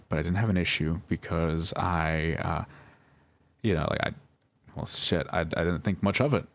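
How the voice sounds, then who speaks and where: A young man telling his side of a story in a halting, emotional monologue, swearing and correcting himself as he goes. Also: sits low. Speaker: vlogger responding to accusations.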